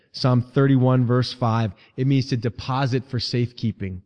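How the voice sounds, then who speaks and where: In a church sanctuary, a pastor with a medium-pitched, steady, slightly mellow voice delivers a sermon at normal speed. His tone is earnest and conversational, and repeated phrases build in emphasis. The audio is lo-fi and dull with heavy hall reverb.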